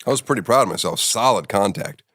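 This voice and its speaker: A man hosting a comedic interview with a deadpan, teasing manner. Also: lowish voice, fast. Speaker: talk show host.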